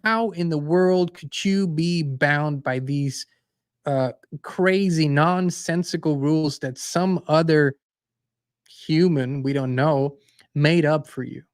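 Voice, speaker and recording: A man hosting his own show, telling anecdotes with emphasis and acting out the other voices, then speaking bluntly and forcefully. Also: a little high, slow pace, clear, resonant tone, dry recording, clean studio sound. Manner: forceful and blunt toward the end. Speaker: host and songwriter. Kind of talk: casual spiritual monologue.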